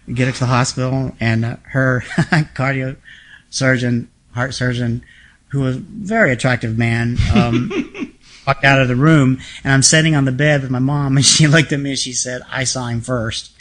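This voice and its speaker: A man telling stories as a guest on an interview podcast, feisty and frank with a quick sense of humor. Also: medium pitch, a bit bright. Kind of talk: casual storytelling conversation.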